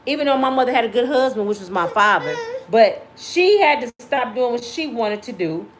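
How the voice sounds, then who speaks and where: A woman in her fifties hosting her own vlog, talking straight to her viewers in a passionate, preachy way and sometimes yelling. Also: a little high, expressive, moderate pace, few pauses. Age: 50s. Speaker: vlog host. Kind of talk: casual talk to viewers.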